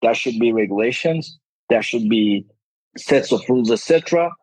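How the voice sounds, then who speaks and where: A man's voice: medium pitch, animated, moderate pace, a little mellow, no room sound, low-quality recording. A man appearing as a guest in a podcast interview, speaking earnestly and emphatically. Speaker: game studio CEO, podcast guest.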